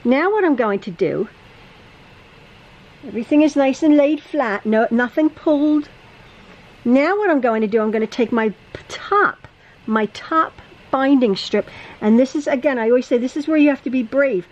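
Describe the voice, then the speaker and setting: A woman's voice: high-pitched, lively intonation, moderate pace, a little mellow, dull audio. A woman teaching quilting in a chatty, casual tutorial from her home sewing room, often repeating herself and stumbling over words. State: a little out of breath.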